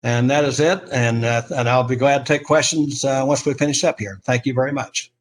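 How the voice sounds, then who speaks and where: A man's voice: mid-range voice, steady tone, a little fast. A man presenting a product on a webinar, talking plainly and steadily with some fillers.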